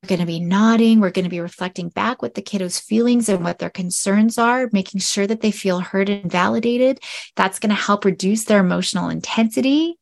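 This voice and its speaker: A woman hosts a solo educational podcast, speaking earnestly and often checking in with a quick "right?". Her voice has a gravelly, fry-touched edge, and her pitch sits in an ordinary middle range. Now and then she drops to a soft whisper. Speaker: podcast host.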